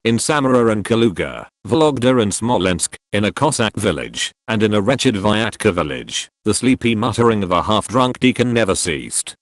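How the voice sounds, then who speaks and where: A man reading a historical novel aloud as an audiobook narrator, in a solemn, measured way. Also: fairly low pitch, sing-song, no room sound, clean studio sound.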